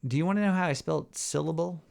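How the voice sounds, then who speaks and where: A man hosting a live show, rambling and joking as he thinks out loud. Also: on the high side, fast, creaky. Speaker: show host. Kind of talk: casual live show banter.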